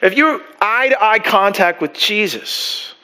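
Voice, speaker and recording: A pastor preaching a sermon in a church, talking in a loose conversational way with many restarts and asides. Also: male voice, high-pitched, lively intonation, slow pace, pushed and bright, clear, resonant tone, low-quality recording.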